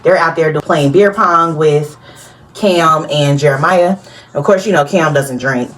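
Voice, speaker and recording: A woman hosting a casual TV recap, chatty and animated, talking straight to her viewers and laughing often. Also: sits low, measured pace. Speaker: TV recap host.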